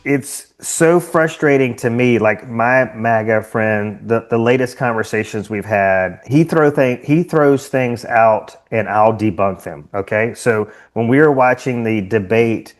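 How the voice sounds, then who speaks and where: A man's voice: medium pitch, measured pace, hardly any pauses, faint music behind. A man hosting a podcast, telling stories animatedly and acting out what others said. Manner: animated storytelling, acts out quotes. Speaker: podcast host. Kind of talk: casual conversation.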